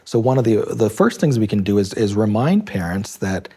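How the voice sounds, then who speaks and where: A man explaining, in a calm and measured way, how parents respond to a child's stress. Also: on the low side, slightly rough. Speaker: child mental health expert. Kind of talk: explanatory interview.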